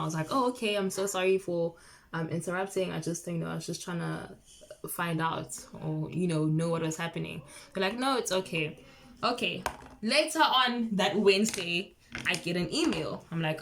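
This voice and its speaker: A woman in her early twenties telling a personal story in a casual vlog, chatty and excitable, full of fillers and quoted dialogue. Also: on the low side, unhurried, a little hiss or hum. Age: early 20s. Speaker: vlogger.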